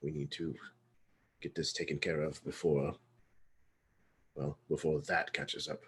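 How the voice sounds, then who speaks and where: A man's voice: very deep voice, little pitch movement, a little slow, fairly bright tone, breathy edge, heavily acted. A man voicing a wary male ship captain giving urgent orders in a tabletop game.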